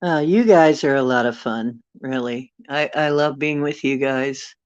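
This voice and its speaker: A woman's voice: rumbling low, a little slow, darkish tone, clean tone, no room sound. A woman hosting a livestream from her bedroom, chatting casually and rambling while she reads viewer comments. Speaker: livestream host. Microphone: phone. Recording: dull lo-fi phone audio.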